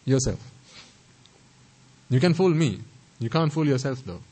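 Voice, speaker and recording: A Buddhist teacher delivers a sermon in an animated, mid-range voice that is a little slow, dark in tone and breathy, on a low-quality recording. He poses rhetorical questions to listeners, repeats phrases for emphasis and stresses his pronunciation carefully.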